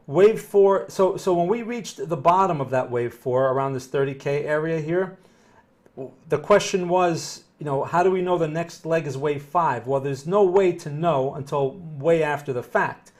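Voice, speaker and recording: A man's voice: on the high side, darkish tone. A man with a Northern New Jersey accent, live-streaming trading analysis in a conversational, explanatory way and often checking that viewers follow. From New Jersey, USA. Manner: upbeat when greeting viewers.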